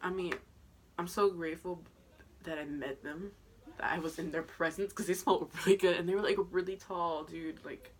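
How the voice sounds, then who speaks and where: A young woman telling a story in a casual vlog, excitable and chatty, swearing freely and full of fillers. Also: lowish voice, normal speed. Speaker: vlogger.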